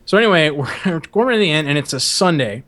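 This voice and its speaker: A man's voice: on the high side, animated, quick pace, fairly bright tone. Profane young man telling a rambling story. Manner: profane, rambling, laughs often. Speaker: podcast host. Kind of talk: casual storytelling.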